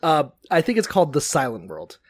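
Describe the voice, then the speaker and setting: A man in casual podcast chat, animated and laughing often, with frequent swearing. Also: on the high side, brisk, breathy edge.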